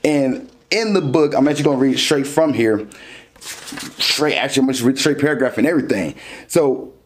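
A man's voice: medium pitch, normal speed, a little hiss or hum. A man hosting a dating podcast, casually explaining ideas through everyday examples. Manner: explains through everyday examples, animated when acting out scenes.

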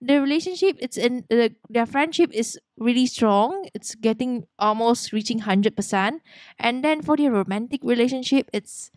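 A young woman hosting a let's play, narrating a life-sim game in a bubbly, excitable way. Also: a little high, moderate pace, dry recording, studio quality. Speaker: gaming channel host.

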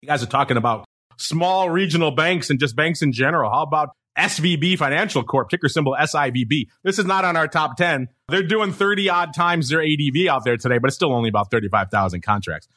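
A man's voice: fairly high pitch, fast talker, pushed and bright. A man hosting a market podcast, playfully teasing his co-host and rattling off trading figures. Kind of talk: casual market show talk.

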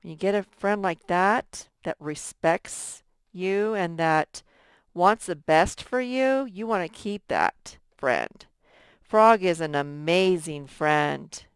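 A woman's voice: lowish voice, animated, slow, clean tone, no echo, clean studio sound. A woman teaching a recorded first grade lesson, patiently sounding out letters and stretching words for young students.

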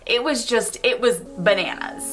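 American woman vlogger, bright, chatty, casual and upbeat. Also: a little high, measured pace, faint music behind. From United States. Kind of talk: casual vlog talk.

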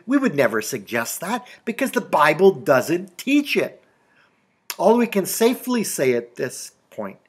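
A man's voice: a little high, breathy edge. A middle-aged male pastor giving a sermon in a conversational preaching style, often asking his listeners rhetorical questions. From Canada.

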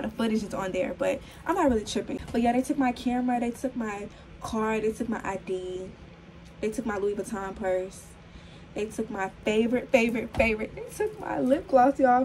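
Chatty young woman vlogging, slightly hoarse. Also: a little high, a little hiss or hum, low-quality recording. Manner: chatty, calls viewers y'all, lots of fillers. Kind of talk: casual vlog talk to camera. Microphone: phone camera.

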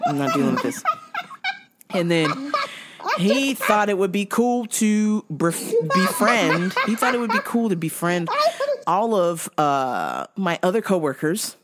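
A woman's voice: mid-range voice, expressive, slow pace, heavy background noise. A woman hosting her own show, telling a work story in a blunt, sarcastic way with lots of swearing and laughter mixed in. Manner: profane, frequently laughing while talking. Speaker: podcast host. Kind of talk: casual comedic storytelling.

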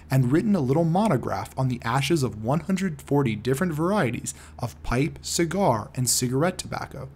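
A man voicing a shrewd, composed detective who lays out each step of his reasoning with quiet precision. The voice is husky, the delivery measured and even, as in a storybook reading. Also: mid-range voice. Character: shrewd, calm male detective explaining deductions. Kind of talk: audiobook character reading.

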